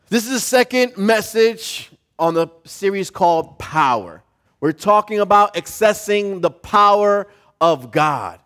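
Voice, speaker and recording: A pastor preaching a sermon, telling a story with animation and putting questions to the congregation. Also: male voice, high-pitched, expressive, a little slow, fairly bright tone.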